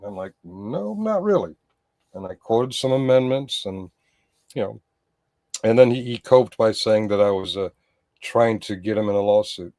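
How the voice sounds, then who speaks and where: A man's voice: fairly low pitch, fairly even intonation, moderate pace, a little mellow, dry recording. A man doing live-stream commentary, rambling and sarcastic, growing heated, with many restarts.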